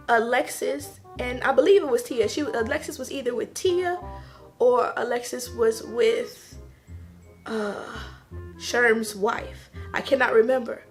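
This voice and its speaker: A woman casually telling a personal story to camera, animated, acting out quotes in a higher voice and laughing between lines.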